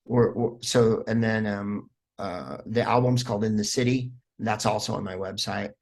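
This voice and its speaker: A man, a comedian guest on a podcast, telling stories in a lively, rambling way with plenty of fillers. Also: on the low side, moderate pace. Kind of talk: casual podcast interview.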